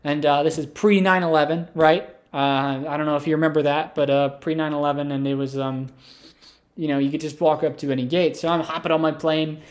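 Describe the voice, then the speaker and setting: A man's voice: a little high, little pitch movement, fairly quick. Rambling comic storyteller man. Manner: rambling, filler-heavy, absurd. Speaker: comedian. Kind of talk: comedic storytelling.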